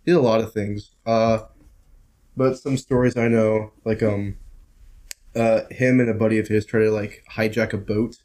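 A man's voice: on the low side, level tone, moderate pace, darkish tone. A man as a guest in a casual chat, rambling through stories and laughing partway through his sentences.

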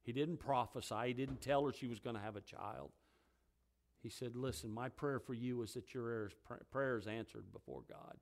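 Man preaching, swinging from quiet to loud. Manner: reads scripture in a low, quiet voice, then rises loud and high when preaching. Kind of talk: sermon with scripture reading.

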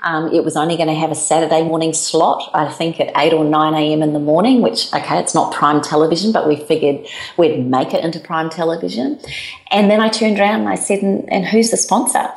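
A woman with a low, gravelly voice tells her founder's story as an interview guest. She talks in an animated way and acts out the lines of the people she quotes. The room around her sounds echoey. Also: brisk. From New Zealand.

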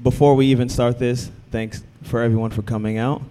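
A man's voice: medium pitch, flat delivery, fairly quick, warm tone, smooth, long reverb tail. A man co-hosting, welcoming the live audience in an upbeat, encouraging way. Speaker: co-host.

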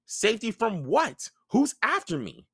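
A man's voice: mid-range voice, sing-song, slow pace, a bit bright, dry recording, studio quality, voice pushed up, exaggerated voice. A man voicing a confused teenage boy who keeps firing off incredulous questions. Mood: bewildered.

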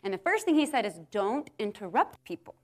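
A woman, telling a chatty, animated story in a casual sermon, full of fillers and swinging up high when excited. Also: fairly quick. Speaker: speaker sharing a testimony.

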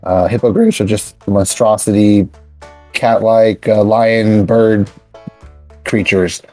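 Male game master, lowish voice, unhurried narration, light music bed. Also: steady tone, darkish tone, low-quality recording. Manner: unhurried, many "uh" pauses.

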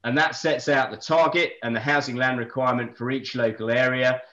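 A man on a planning discussion panel, talking through appeal decisions in a dry, joking but brisk factual way. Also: mid-range voice, steady tone, pushed and bright, muffled recording. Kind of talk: casual expert discussion.

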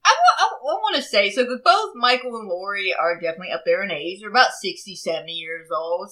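A woman in casual, animated chat about horror films, slangy and profane. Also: mid-range voice, a little fast, few pauses, rough recording.

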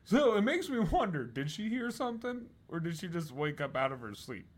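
A man's voice: high-pitched, sing-song, brisk. A man co-hosting a podcast, telling stories in casual chat, swearing and laughing often. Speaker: podcast co-host.

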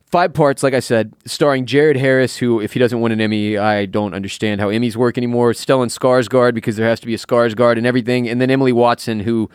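A man's voice: mid-range voice, fairly even intonation, quick pace, hardly any pauses, clean tone, dry recording. A man co-hosting a podcast in a recording studio, loose and joking, who swears casually. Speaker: podcast co-host. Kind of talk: casual chat.

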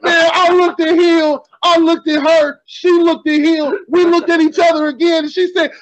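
A man hosting a podcast, telling profane stories in a casual, animated way. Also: very high-pitched, normal speed, few pauses, rough recording. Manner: profane, animated storytelling, laughing. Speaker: podcast host. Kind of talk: casual storytelling chat.

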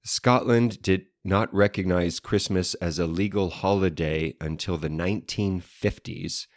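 A man with a very deep voice co-hosts a relaxed chat show, joking and reaching for fancy learned words. The sound is dry and close, with no room around it. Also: measured pace, dry recording. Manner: playful, wordy, fond of learned terms. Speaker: podcast co-host. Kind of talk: casual chat.

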